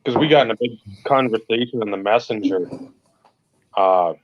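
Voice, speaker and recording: A man's voice: on the low side, moderate pace. Chill guy on a podcast, kinda muffled lo-fi audio, just chatting. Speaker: podcast co-host. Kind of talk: casual chat.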